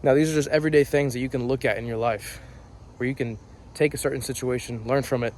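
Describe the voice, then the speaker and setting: A man's voice: mid-range voice, fairly even intonation, fast talker, darkish tone, a little hiss or hum. Young guy in his 20s rambling earnestly outside, motivational vlog vibe, keeps rephrasing stuff. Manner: earnest, repeats and rephrases points. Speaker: vlogger. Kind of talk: casual motivational talk to camera. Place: outdoors on a property on a rainy day.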